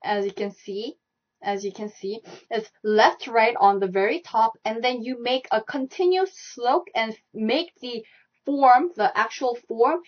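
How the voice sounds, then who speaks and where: A young woman teaching a live online Korean lesson, repeating stroke directions and sounds over and over as she demonstrates. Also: fairly high pitch. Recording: dull lo-fi live stream audio.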